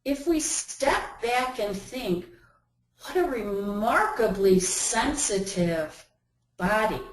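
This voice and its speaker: A woman's voice: on the high side, expressive, takes it slowly. A woman giving a webinar talk in a conversational way, acting out everyday inner voices as she explains. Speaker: webinar presenter. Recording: roomy echo.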